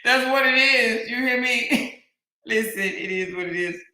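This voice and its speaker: A woman hosts a loose livestream chat, reading out comments and breaking into laughter. Her voice is bright and animated. The room around her has a roomy echo. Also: fairly high pitch, measured pace. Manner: animated, laughs often, drawling exclamations. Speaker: talk show host. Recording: echoey room.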